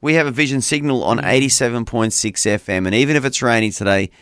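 Male breakfast radio co-host, chatty and playful, mid-pitched, dry close studio sound. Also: fast talker, fairly bright tone, smooth, no echo. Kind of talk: casual radio banter.

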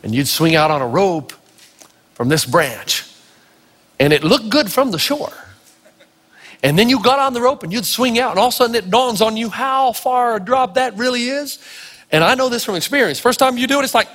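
Animated high-voiced male preacher. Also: brisk, in a large hall. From Tennessee. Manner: animated, acts out voices in stories, shouts for emphasis. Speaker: pastor. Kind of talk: sermon with storytelling.

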